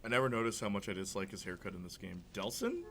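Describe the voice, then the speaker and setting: A man's voice: fairly low pitch, sing-song, quick pace, fairly bright tone, slight background noise. A young man chatting casually over a video game, rambling and trailing off, often laughing as he talks. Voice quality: chatty, laughs a lot, trails off mid-thought. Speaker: gameplay commentator. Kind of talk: casual let's-play chat.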